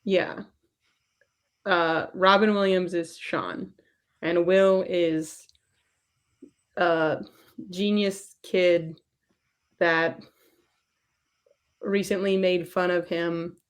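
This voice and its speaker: A woman's voice: fairly low pitch, flat delivery, takes it slowly, pauses often. Chatty self-deprecating woman host. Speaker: podcast host. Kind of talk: casual chat. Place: at home doing dishes.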